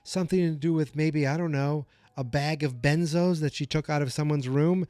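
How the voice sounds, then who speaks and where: Guy ranting thru a tv recap on his podcast, kinda high voice, dry close mic. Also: normal speed, clear, resonant tone, dry recording. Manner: animated, gets worked up and vents. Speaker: podcast host. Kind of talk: solo TV episode recap.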